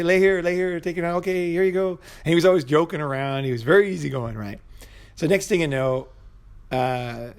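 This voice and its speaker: A man vlogging a casual, rambling personal story, swearing freely and checking in with "you know" and "right?". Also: medium pitch. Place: Bangkok.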